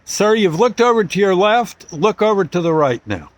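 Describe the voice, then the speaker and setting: Give me a man playing an anxious, pleading police officer, pitched up a bit. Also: sing-song, moderate pace, no room sound. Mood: urgent, concerned. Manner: urgent, raised pleading voice. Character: urgent, concerned male police officer.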